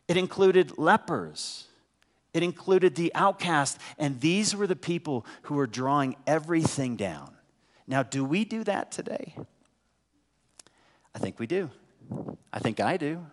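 A man's voice: on the high side, big pitch swings, a little slow, long pauses, big-room sound. A man preaching a sermon with a head cold, talking conversationally and asking the congregation rhetorical questions. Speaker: pastor. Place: church sanctuary.

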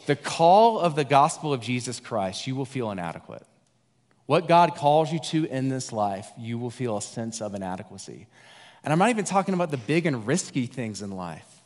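Male guest preacher, mid-pitched, chatty and wry, acting out quoted lines; reverberant church hall. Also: expressive, normal speed. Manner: conversational, jokey, acts out the disciples' voices. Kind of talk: sermon.

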